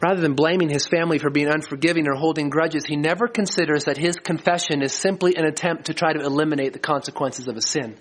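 A middle-aged man preaching a sermon as a pastor, earnest and slowing down to stress key lines. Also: a little high. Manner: earnest, slows for emphasis.

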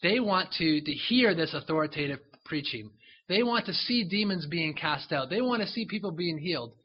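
A man delivers a sermon in a relaxed, storytelling way, as if talking straight to his listeners and drawing them in with asides. His voice sits a little high with a husky, breathy edge. The recording sounds dull and lo-fi. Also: normal speed. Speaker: preacher. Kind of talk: sermon, retelling a Bible story.

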